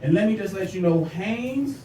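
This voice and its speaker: A man doing a stand-up comedy set in a comedy club, animated and teasing, talking straight to the crowd. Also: sits high, moderate pace, heavy background noise. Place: comedy club stage with a live audience. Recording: echoey club room from far off, loud crowd laughter.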